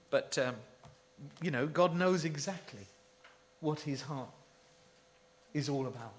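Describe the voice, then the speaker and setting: A man's voice: a little high, expressive, takes it slowly, pauses often. A man preaching a sermon, emphatic and full of rhetorical questions to his listeners.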